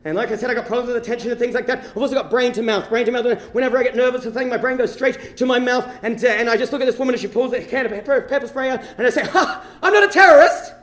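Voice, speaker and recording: A man's voice: very high voice, fairly even intonation, very fast, few pauses. A man doing stand-up storytelling on a comedy stage, rambling and self-mocking, with frequent restarts. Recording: roomy live venue.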